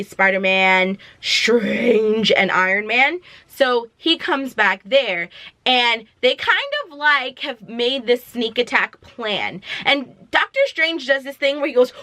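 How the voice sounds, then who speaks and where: Brief: young woman vlogger, high bright voice, dry close mic, dramatic and slangy. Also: no room sound. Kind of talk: casual movie recap.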